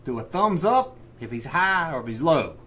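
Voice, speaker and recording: A man's voice: on the high side, big pitch swings, normal speed, fairly bright tone. A middle-aged man cohosting a casual chat show, joking and rambling in loose banter. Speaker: podcast co-host.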